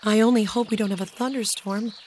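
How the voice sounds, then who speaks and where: A woman's voice: medium pitch, steady tone, a little fast, a little mellow, a little hiss or hum, natural voice. A woman reading a storybook voicing an earnest, practical young girl in an eager manner.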